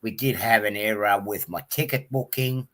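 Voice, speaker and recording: A man's voice: lowish voice, moderate pace, a bit bright. An Australian man hosting a casual livestream, chatting loosely and greeting viewers one by one with lots of ums. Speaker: livestream host.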